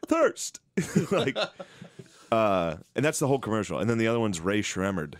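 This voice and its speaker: A low-voiced man co-hosts a casual podcast, telling crude stories and jokes. His pitch swings widely as he acts things out. The sound is dry and close. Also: lively intonation, quick pace, clear, resonant tone, no room sound. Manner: crude, joking storyteller who mimics people in high squeaky voices. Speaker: podcast co-host.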